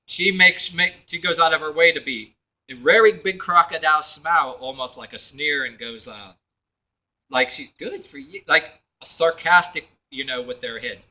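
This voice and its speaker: A man's voice: fairly high pitch, normal speed, pushed and bright, poor audio. A man telling a personal story to camera in a meandering way, full of fillers and restarts, acting out what others said. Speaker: video blogger.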